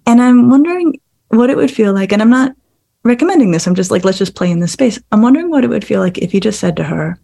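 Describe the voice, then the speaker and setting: A middle-aged woman psychologist talks through parenting in a relaxed podcast chat. Her voice has a gravelly, slightly husky edge. She explains things calmly, then lifts into playful impressions of teenagers. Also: a little high, fast talker. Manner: thoughtful, explanatory, animated when acting out teens. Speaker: clinical psychologist guest. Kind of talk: podcast conversation.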